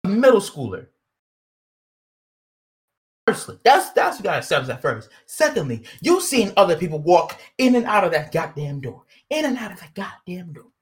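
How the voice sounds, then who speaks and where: A woman's voice: fairly low pitch, sing-song, normal speed. A woman ranting in heated casual commentary, profane, indignant and emphatic.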